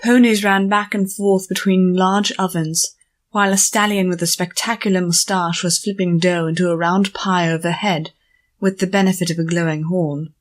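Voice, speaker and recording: A woman narrating an audiobook chapter in a measured storytelling manner. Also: lowish voice, fairly even intonation. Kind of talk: scripted narration.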